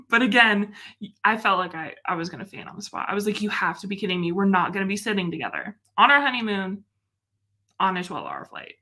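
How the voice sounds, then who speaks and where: A woman's voice: mid-range voice, pushed and bright. A young woman hosting a live stream, chatting casually and expressively with frequent laughs. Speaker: livestream host.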